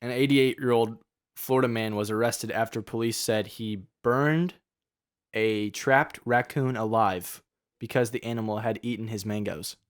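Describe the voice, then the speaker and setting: A young man with a fairly low voice, chatting casually on a podcast. He jokes, teases and breaks into laughs while talking, recorded dry and close. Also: steady tone, moderate pace, no room sound. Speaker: podcast co-host. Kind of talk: casual chat.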